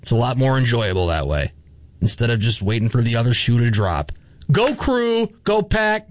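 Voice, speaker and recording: A man's voice: medium pitch, brisk, dry recording. A man hosting a sports radio show, signing off in an emphatic, upbeat way. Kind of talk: show sign-off.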